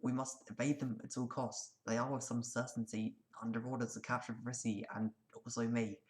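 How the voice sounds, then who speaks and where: A man's voice: medium pitch, level tone, fairly quick, close to an everyday voice. A man doing a timid, stammering troll boy. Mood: nervous. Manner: hesitant, stammering, polite. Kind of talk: amateur audio drama acting.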